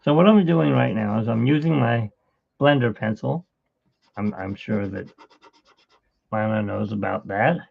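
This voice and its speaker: Middle-aged guy rambling on an art livestream, super gravelly voice, tinny phone sound. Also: lowish voice, unhurried, pauses often. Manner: rambling, chatty storytelling. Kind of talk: casual live drawing chat.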